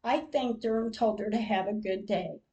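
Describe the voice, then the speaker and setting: An older woman hosting a podcast, reading out a personal diary-style account in a slow, measured way, with emotional moments. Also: medium pitch, dark tone, dull audio. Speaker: podcast host.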